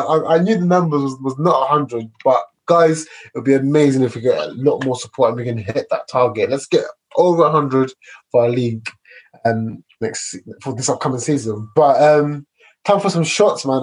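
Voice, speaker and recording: A man's voice: mid-range voice, darkish tone, breathy edge, rough recording. A man hosting a casual football podcast, laid-back and rambling with many fillers. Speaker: podcast host.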